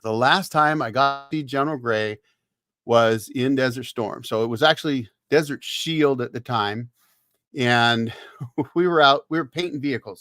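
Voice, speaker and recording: On his livestream, a former Marine in his fifties casually tells a salty, folksy veteran's yarn full of cussing and laughs. His voice is medium-pitched with a fairly bright tone, captured as a dry, studio-quality recording.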